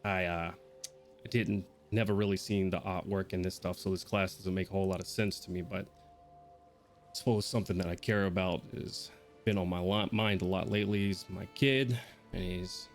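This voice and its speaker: A modest, plain-spoken working man, voiced by a man in a low register speaks earnestly and haltingly. The voice stays close to an everyday speaking tone. Faint music plays underneath. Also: fairly even intonation.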